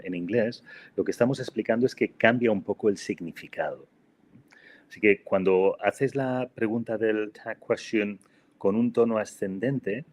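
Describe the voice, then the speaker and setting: A man's voice: lowish voice, darkish tone. A man co-hosting a podcast English lesson, hesitant and full of fillers, often adding "no?" to his sentences. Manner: hesitant, many fillers and tag "no?". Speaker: co-host and English teacher.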